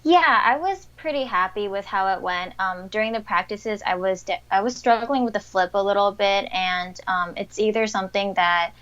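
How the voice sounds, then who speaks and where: A woman's voice: medium pitch, moderate pace, hardly any pauses, fairly bright tone, clean tone, highs cut off. Young woman, chatty upbeat interviewee. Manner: chatty, upbeat, frequent fillers and laughs. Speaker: interviewed athlete. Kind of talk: casual interview answers.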